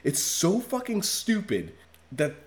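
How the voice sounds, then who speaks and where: A man's voice: high-pitched, wildly swooping pitch, slow. A man in casual podcast chat, ranting in a profane, mock-outraged way.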